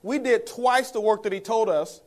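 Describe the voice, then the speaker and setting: At a moderate pace and in a high-pitched voice, a man gives a motivational talk as a network marketing speaker. Chuckling as he goes, he recounts his story and calls the audience guys.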